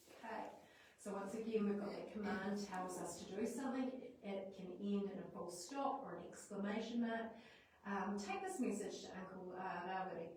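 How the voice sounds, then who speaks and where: A woman teacher with a New Zealand accent explaining classroom writing lessons to parents in a lively, chatty way, showing how she talks to the class. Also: mid-range voice, normal speed, distant mic. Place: school hall or classroom at a parents' evening. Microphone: livestream device at a distance. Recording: echoey room, voice from afar, faint noise.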